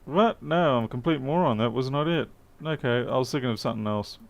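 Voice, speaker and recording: An electronics repair technician talks casually to the camera while fixing a laptop in his workshop, chatty and self-mocking and muttering as he goes. His voice is medium-pitched and creaky, and he speaks fairly quickly.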